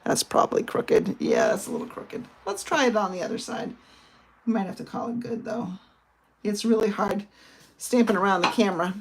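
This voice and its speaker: Speaking at a normal speed in a mid-range voice, a middle-aged papercrafter from the northern United States chats her way through a card project step by step. It's a casual demo, with slight background noise audible.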